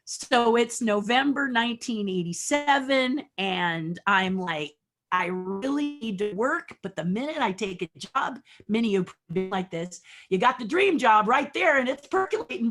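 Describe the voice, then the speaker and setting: A middle-aged woman guest telling career stories, acting out each person in a conversation. Her pitch swings widely as she plays out the dialogue. She sounds expressive and energetic throughout. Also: normal speed, hardly any pauses. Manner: animated storyteller acting out dialogue. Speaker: podcast guest. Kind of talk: storytelling interview.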